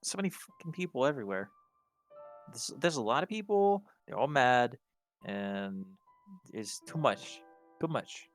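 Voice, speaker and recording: A man from southern France speaking English with a French accent in a casual stream chat. He is blunt and laid-back, at a medium pitch, with faint music in the background. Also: expressive, unhurried.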